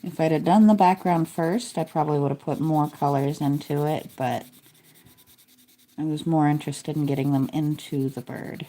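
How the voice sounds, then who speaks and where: Woman vlogger, low mellow voice, relaxed chatty coloring narration. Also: moderate pace. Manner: relaxed, chatty, self-deprecating. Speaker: coloring video creator. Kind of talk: casual narration while coloring.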